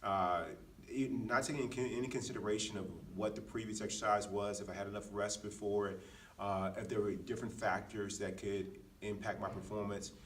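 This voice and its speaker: A man speaks in a fairly low voice, sharing earnest personal stories on a podcast, often restarting his sentences. He sits a little back from the microphone. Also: level tone, fairly quick, fairly bright tone, distant mic. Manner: earnest, anecdotal, frequent restarts. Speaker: podcast co-host. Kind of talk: casual reflective chat.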